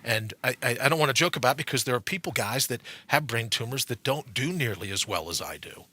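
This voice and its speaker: A man's voice: mid-range voice, expressive, fast, bright, forceful tone, slightly rough. A male podcast host in casual studio chat, joking and laughing often.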